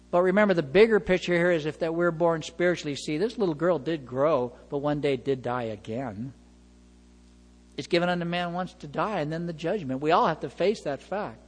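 A male pastor preaching a sermon, retelling scenes with lively acted-out dialogue and chuckles. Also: on the high side, long reverb tail. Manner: animated storytelling, acts out dialogue, chuckles.

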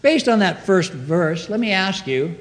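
A man's voice: high voice, lively intonation, unhurried, long reverb tail. A man preaching a sermon to a congregation, reading scripture and asking the room call-and-response questions. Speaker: pastor. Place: church sanctuary.

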